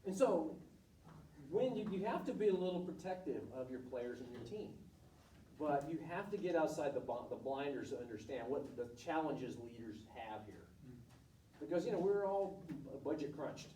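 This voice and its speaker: Animated and mellow, with a fairly high pitch and a moderate pace, a middle-aged volleyball coach talks to students candidly and bluntly, acting out quotes in stories from his career. The informal presentation is recorded distantly in an echoey room with a little hiss or hum.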